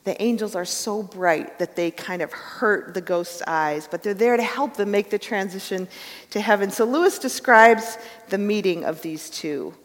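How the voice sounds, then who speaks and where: A woman preaches and tells a parable in an earnest, measured way, her voice sitting in a middle register. A long reverb trails behind her, as in a large church hall. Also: mid-range voice. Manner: earnest storytelling, softening to hushed prayer. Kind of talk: sermon with read-aloud story.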